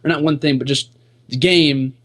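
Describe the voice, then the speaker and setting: A man's voice: on the high side, steady tone, moderate pace, fairly bright tone. A young man talking on a stream panel, rambling, with lots of "like" and "you know". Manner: rambling, heavy use of 'like' and 'you know'. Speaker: panel guest. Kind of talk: casual stream chat.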